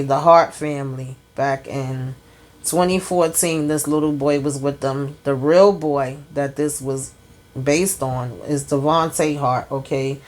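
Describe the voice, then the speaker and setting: A woman giving a sassy, animated recap of a TV episode, talking straight to her viewers. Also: extremely low pitch. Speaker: TV episode reviewer. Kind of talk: casual recap monologue.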